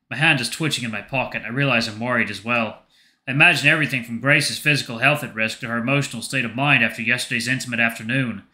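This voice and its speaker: A man hosting a gaming channel, reading a story game aloud in steady narration. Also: mid-range voice, fast talker. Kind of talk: reading a visual novel aloud.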